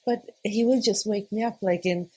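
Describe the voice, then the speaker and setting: Breathy, hesitant young woman. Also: mid-range voice, fairly even intonation, normal speed, darkish tone. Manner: hesitant, searching for words, laughing often. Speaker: podcast guest. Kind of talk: casual conversation.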